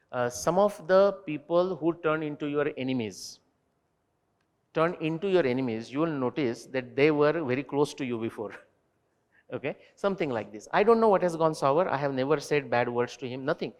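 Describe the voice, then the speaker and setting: A man answering student questions at a university talk, animated and digressive, turning to quiz the audience directly. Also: on the high side, moderate pace, long reverb tail. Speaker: invited speaker. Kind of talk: lecture Q&A with students. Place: university lecture hall.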